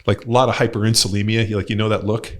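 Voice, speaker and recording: This is a podcast host and coach, a middle-aged man, chatting casually in a meandering style packed with filler words and frank profanity. He talks at a racing clip in a lowish voice with little pitch movement.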